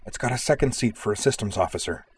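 A man's voice: on the low side, fast, breathy edge, voice pushed up. A man voicing a terrified middle-aged male technician who speaks in frightened whispers, in a storybook reading. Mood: scared whisper.

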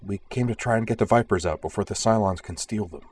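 Male narrator doing a hushed young woman cadet pilot, calm and careful. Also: fairly low pitch, quick pace, husky, pitched above the performer's own voice. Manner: quiet, hushed.

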